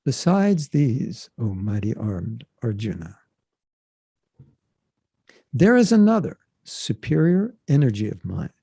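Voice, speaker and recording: A man voicing a loving, patient male god in a slow, emphatic storytelling reading. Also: mid-range voice, gravelly, dark tone, husky, dry recording, clean studio sound, heavily acted. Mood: solemn. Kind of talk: quoting scripture with a dramatic reading voice.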